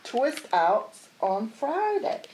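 A sulky young girl from a storybook, voiced by a woman speaks in a high, childish, singsong voice. Her words come slowly and draw out, as if each one is being sulked over. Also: animated, darkish tone, slight background noise, heavily acted, rough recording. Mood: excited. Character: young girl who hates her hair.

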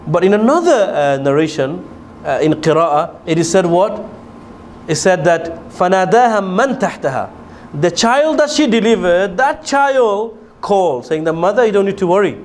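A man with a fairly high voice teaches a religious lecture to a gathered group. He explains step by step, stops to ask his listeners questions, and speaks with frequent fillers and restarts. A faint hum of noise sits under his voice. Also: lively intonation, normal speed, darkish tone. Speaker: lecturer on a pilgrimage programme. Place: lecture room in a city of pilgrimage.

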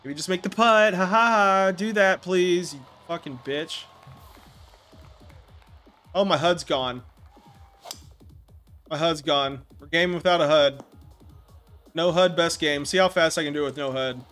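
A man speedrunning a golf game, commenting out loud with frequent swearing and frustrated outbursts. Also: a little high, a little slow, pauses often, faint music behind. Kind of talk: profane live gameplay commentary.

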